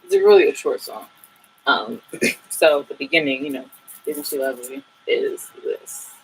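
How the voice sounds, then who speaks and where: A woman teaching saxophone in a relaxed, chatty way, with many fillers and asides. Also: sits low, normal speed, a little hiss or hum, low-quality recording. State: a bit out of breath at times. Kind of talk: casual tutorial talk.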